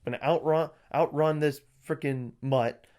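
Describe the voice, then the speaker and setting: Young male podcast co-host, a bit high-voiced, lively and foul-mouthed while telling stories. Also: moderate pace. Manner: animated, swears a lot, acts out quotes. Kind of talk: casual storytelling chat.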